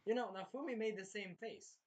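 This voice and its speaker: A man's voice: high voice, fairly quick. A man casually chatting through an anime episode review, rambling and swearing now and then as he retells scenes.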